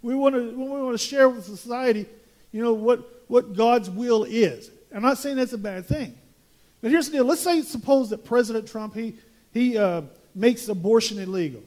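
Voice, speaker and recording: A man's voice: very high voice, normal speed, a little mellow. A man preaching a verse-by-verse sermon as pastor, emphatic and prone to repeating words as he builds his point.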